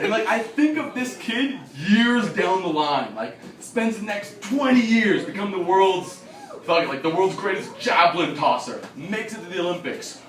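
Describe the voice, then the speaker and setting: A young man performing a stand-up comedy set with an excitable, swearing delivery, acting out kids and other voices. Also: sits high, moderate pace, recorded from a distance. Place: small bar stage with live audience. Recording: roomy bar recording from afar, crowd laughter.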